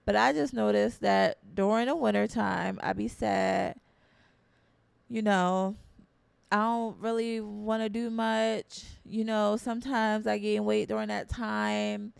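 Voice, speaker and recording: A woman's voice: mid-range voice, steady tone, takes it slowly, creaky, clean tone, dry recording. A young woman hosting a podcast, talking in an earnest, conversational way with slangy phrasing, repeating her key points. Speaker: podcast host. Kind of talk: casual motivational talk.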